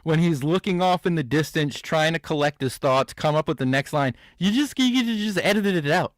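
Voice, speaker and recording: A man's voice: a little high, animated, moderate pace, no echo, clean studio sound. A man hosting a comedy reaction show, riffing sarcastically and laughing at clips. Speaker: host.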